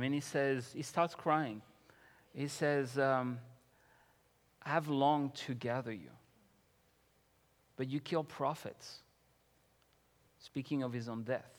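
A man preaching a sermon as pastor, reading scripture and building to loud, impassioned emphasis. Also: medium pitch, big-room sound.

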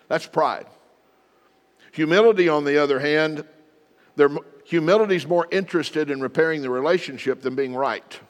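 A man's voice: on the high side, steady tone, moderate pace. Male pastor preaching in a reverberant hall. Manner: acts out short example apologies in different voices; leads the congregation in spoken practice. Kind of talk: sermon.

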